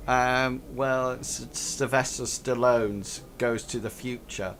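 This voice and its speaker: A man running a tabletop game as game master, talking haltingly with many ums and restarts. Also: medium pitch, steady tone, a little hiss or hum.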